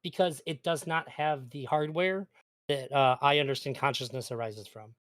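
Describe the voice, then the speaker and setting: His voice is mid-range and fairly bright, at a normal speed, as this interview guest makes his case in an informal debate. He comes across as earnest and argumentative, frequently tripping over restarts.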